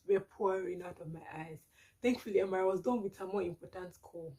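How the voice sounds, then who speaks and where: A woman's voice: fairly low pitch, a little fast, background noise. A young Nigerian woman with a Nigerian accent, telling a dramatic storytime vlog with lots of exclamations. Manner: animated, dramatic retelling with exclamations. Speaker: vlogger.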